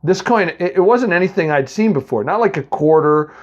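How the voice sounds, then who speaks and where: A man's voice: sits high, lively intonation, fairly quick, muffled recording. A man from the Boston area reading a comic first-person story, rambling and chatty with lots of asides to the listener.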